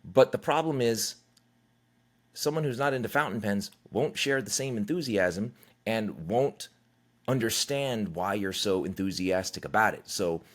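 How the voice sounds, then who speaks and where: A middle-aged man with a fairly low voice hosts his own podcast, talking alone in a loose, candid way. He swears freely and acts out other people's lines as he goes. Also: a little slow. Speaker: podcast host. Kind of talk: casual solo podcast monologue.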